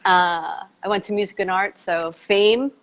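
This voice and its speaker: A woman's voice: mid-range voice, fairly even intonation, a little slow. A woman in her fifties from New York, a bubbly interview guest who laughs easily. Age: 50s. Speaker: guest photographer. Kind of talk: casual interview chat.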